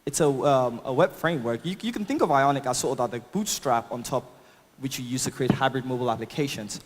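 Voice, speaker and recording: Speaking fast at a medium pitch, this conference speaker delivers a live tech talk with a demo in a large hall, where a long reverb trails his words. His non-native English accent colors a chatty, upbeat delivery packed with fillers, and he laughs at his own jokes.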